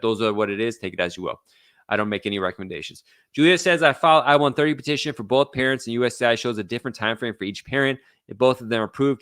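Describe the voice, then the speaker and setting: Blunt, bright-voiced male lawyer. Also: medium pitch, dry recording, clean studio sound. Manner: casual, reads out viewer questions and answers bluntly. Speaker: immigration lawyer. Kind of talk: live Q&A stream.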